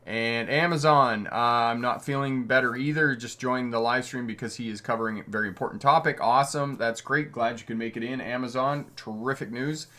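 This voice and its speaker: This middle-aged Canadian man hosts a live stream as a driving instructor, reading viewer comments aloud in a friendly, chatty manner and chuckling often. His medium-pitched voice is bright and forceful, moving a little fast with hardly any pauses.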